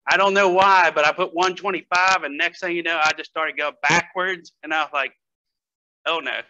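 In a muffled recording, a male strength athlete guesting on a casual podcast spins stories in a loose, hesitant way, laughing often and using fillers. His voice runs on the high side with a steady tone, moderate pace, and a pushed, bright quality.

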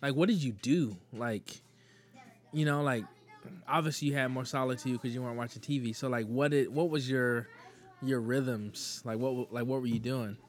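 A man's voice: mid-range voice, fairly even intonation, normal speed. Male co-host, laid-back, conversational, lots of short affirmations. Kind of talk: casual chat.

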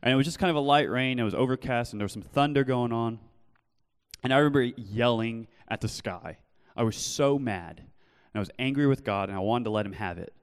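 A man's voice: medium pitch, brisk, smooth. Earnest male preacher in a reverberant hall. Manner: earnest, shifts from loud storytelling to soft pleading. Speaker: pastor. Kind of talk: sermon with personal testimony. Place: church hall.

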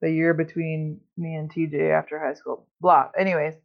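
A woman's voice: low-pitched, little pitch movement, normal speed, creaky. A woman telling stories in a casual chat, swearing constantly and rambling with lots of fillers. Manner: profane, rambling storytelling with many fillers. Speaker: podcast host. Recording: dull lo-fi sound.

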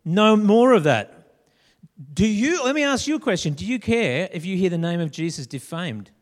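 Male preacher, lively sermon with slangy character voices, high-ish voice, big reverberant hall. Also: brisk. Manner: animated, acts out Bible characters with slang.

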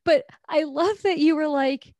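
A woman co-hosting a podcast, chatting casually and giving steady supportive responses. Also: high-pitched, unhurried, no echo, clean studio sound. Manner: supportive listener with frequent backchannel responses. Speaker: podcast co-host. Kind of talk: casual conversation.

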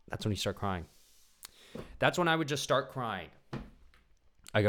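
A man's voice: medium pitch, normal speed, long pauses. A young man hosting a podcast in a casual, rambling comedic monologue, swearing freely and acting out voices of people in his stories. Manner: rambling, animated, swears a lot, acts out voices. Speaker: podcast host.

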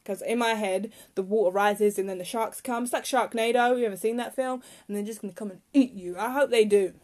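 A young woman talks casually on her own podcast. She rambles from point to point in a chatty way and grows heated when something annoys her. Her voice sits at a middling pitch. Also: a little fast, darkish tone. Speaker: podcast host. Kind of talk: casual solo chat.

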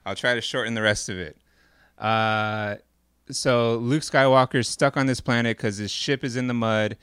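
A man's voice: mid-range voice, fairly even intonation, moderate pace, a bit bright, smooth, dry recording, studio quality. A man co-hosting a podcast, casually retelling a movie plot in a rambling, profane way, full of "like" and "uh" and acted-out lines. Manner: rambling and profane, heavy on "like" and "uh", acts out characters' lines. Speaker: podcast co-host.

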